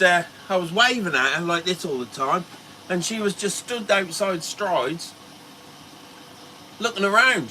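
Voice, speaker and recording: A man's voice: high-pitched, bright, forceful tone, slight background noise, low-quality recording. A middle-aged man with a Norfolk accent, chattily rambling through a story on a fishing livestream as its host. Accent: Norfolk English. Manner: chatty, rambling, laughs as he talks.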